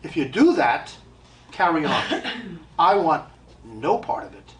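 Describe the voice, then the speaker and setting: A man's voice: fairly high pitch, sing-song, slow pace. A man working as a medium, talking live to an audience in a blunt, emphatic way, repeating his points with joking asides. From United States. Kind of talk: live stage talk to an audience. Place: live event hall. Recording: echoey room, mic from a distance.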